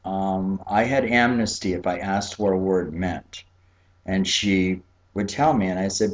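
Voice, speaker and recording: A man from Key West, Florida telling a childhood story in a relaxed, chatty way, with frequent fillers and laughs. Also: sits low, moderate pace. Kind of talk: personal storytelling.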